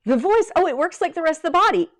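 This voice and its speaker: A middle-aged woman giving a livestream vocal lesson, lively and chatty, breaking into short sung demonstrations. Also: very high voice, quick pace. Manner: lively, demonstrates by singing snippets. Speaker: vocal coach.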